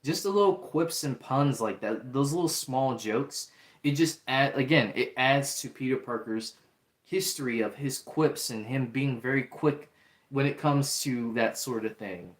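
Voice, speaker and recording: A man talks through a show review in a loose, chatty way, full of fillers and restarts. His pitch sits in the middle. The room around him gives a noticeable echo. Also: measured pace. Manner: chatty, many fillers and restarts, acts out quotes. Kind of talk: casual review talk. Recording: roomy echo.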